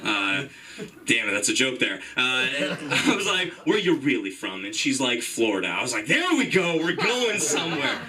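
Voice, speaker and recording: A young man from Iran works an open mic stage in a loose, rambling stand-up set. His pitch leaps high and drops low as he quotes people. He sounds set back from the microphone, with a club audience laughing around him. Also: distant mic, crowd noise, poor audio. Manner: rambling, with quick leaps into high excited voices when quoting.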